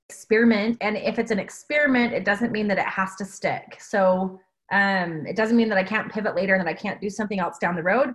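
A woman speaking up on a group coaching call, sharing a reflection thoughtfully with a few hesitations. Her voice sits at a middle pitch. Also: a bit bright. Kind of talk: casual sharing.

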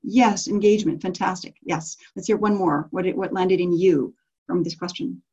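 A woman's voice: fairly low pitch, moderate pace, warm tone, slightly rough, lo-fi sound. A woman leading a business coaching group call, enthusiastic and affirming, laughing often as she talks.

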